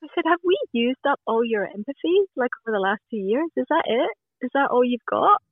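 A woman's voice: fairly high pitch, expressive, a little fast, dry recording. A woman in her thirties from Scotland, talking openly and chattily as a podcast guest, with many restarts. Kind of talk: casual podcast conversation. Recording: tinny phone line, dry.

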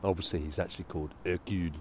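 A man with a lowish voice co-hosts a walking podcast from a small park. He speaks casually with dry, skeptical humor, and faint street noise sits behind him. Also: steady tone, very fast, darkish tone. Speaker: podcast co-host. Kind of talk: casual chat and reading aloud on a walk.

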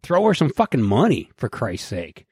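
A man's voice: medium pitch, moderate pace, husky, no echo, clean studio sound. A man hosting a podcast, talking in casual, profane banter and acting out quoted lines. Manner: animated, profane, acts out quotes. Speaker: podcast host.

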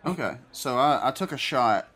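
A man's voice: mid-range voice, animated, moderate pace, a bit bright. A man playing a tabletop game, talking casually and rambling through his action. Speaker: player.

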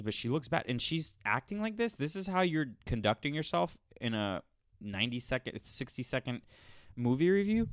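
A podcast host with a mid-range voice reacts to a clip in casual commentary, ranting with incredulous sarcasm. The sound is clean studio audio with no room sound.

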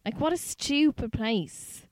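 A young woman co-hosting a podcast, talking in a blunt, sweary, animated way. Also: high-pitched, slow pace. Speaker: podcast co-host. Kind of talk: casual chat.

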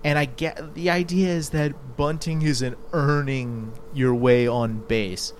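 A man hosting a casual talk show, speaking in an animated, exasperated way that jumps high in pitch when incredulous. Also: slow, slight background noise. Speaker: podcast host. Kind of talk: casual chat.

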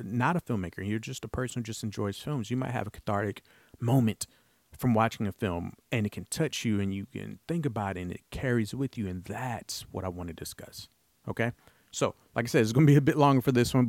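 A man talks on his solo podcast in a low, grounded voice, earnest and a little rambling as he circles back over his thoughts. The sound is dry and close, with no room around him. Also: no echo. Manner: rambling, earnest, frequent restarts and fillers. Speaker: podcast host. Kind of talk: casual solo podcast talk.

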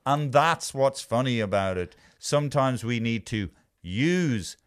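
A man in his fifties hosts a casual podcast from a studio, rambling through stories full of swearing and self-mockery. His mid-range voice is animated, and he keeps a measured pace.

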